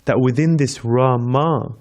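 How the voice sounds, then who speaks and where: A man's voice: medium pitch, measured pace, darkish tone. Man telling a scripture story in a devotional class. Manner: storytelling, repeats phrases, chants Sanskrit verses. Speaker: speaker giving a scripture class. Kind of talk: devotional lecture.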